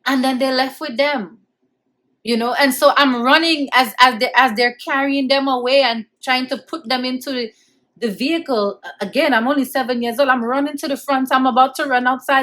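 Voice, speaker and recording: A woman's voice: high voice, fairly even intonation, a little fast, fairly bright tone. A woman vlogger telling a personal childhood story in an emotional, conversational way, repeating phrases as she goes. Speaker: vlogger recounting childhood memories.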